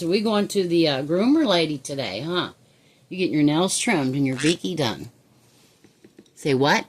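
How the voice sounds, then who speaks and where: A woman's voice: deep voice, very animated, a little slow, long pauses, a little hiss or hum. A woman at home talking to her pet parrot in affectionate, coaxing baby talk, often chuckling as she speaks. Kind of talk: casual chat to a pet. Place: indoors at home.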